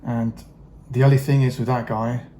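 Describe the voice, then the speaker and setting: A man's voice: mid-range voice, level tone, moderate pace, warm tone, slight background noise. A middle-aged man chatting casually while he paints miniatures, rambling with many fillers, wry asides and the odd swear word. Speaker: hobby vlogger painting miniatures.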